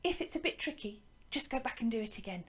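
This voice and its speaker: Patient high-voiced woman music teacher. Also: expressive, quick pace. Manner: patient, encouraging, explains step by step. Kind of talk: online singing lesson.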